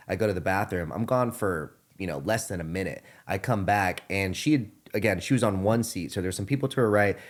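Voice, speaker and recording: Young male podcast host, low voice, lively swearing storyteller. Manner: animated, profane storyteller. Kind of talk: casual storytelling chat.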